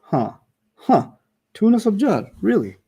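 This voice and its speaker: A man runs an online class in a quick, teasing way. His voice sits a little high for a man. He jokes with his students between points. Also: sing-song, gravelly, dark tone, breathy edge. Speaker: teacher.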